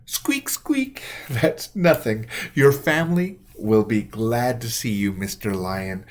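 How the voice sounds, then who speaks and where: A man voicing a tiny, kind, cheerful female field mouse who squeaks and giggles, in a storybook reading. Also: lively intonation, slow pace.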